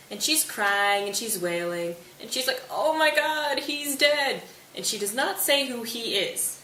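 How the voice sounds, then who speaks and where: A woman's voice: medium pitch, pushed and bright. Young woman, student presenter, casual retelling, distant mic, light hiss. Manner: breezy, slangy retelling with quick quoted asides. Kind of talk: casual study summary of a play. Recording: echoey room, off-mic, faint hiss.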